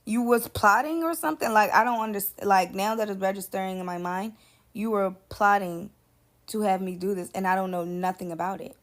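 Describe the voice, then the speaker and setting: Woman, casual story time, blunt and profane, mid-pitched, quotes dialogue. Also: brisk.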